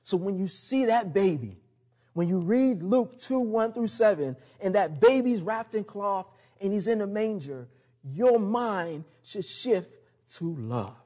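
A man preaching a conversational sermon, laughing often and dropping low and soft on key words. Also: expressive, unhurried. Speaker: pastor.

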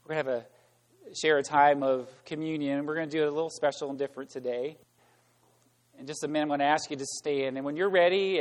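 A man preaching as pastor, earnest, moving between loud proclamation and hushed words. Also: fairly high pitch, in a large hall. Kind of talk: sermon.

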